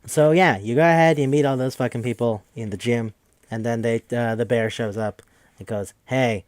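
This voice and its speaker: A man's voice: mid-range voice, fairly even intonation, moderate pace, darkish tone, dry recording. A man hosting a podcast, recapping a game in a rambling, joking, profane casual chat. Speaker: podcast host.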